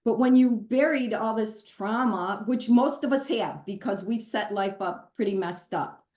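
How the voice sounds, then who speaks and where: A middle-aged woman, a pastor, telling her story in a candid, earnest conversation, animated and open. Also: on the high side, measured pace. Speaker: pastor and guest. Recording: roomy echo.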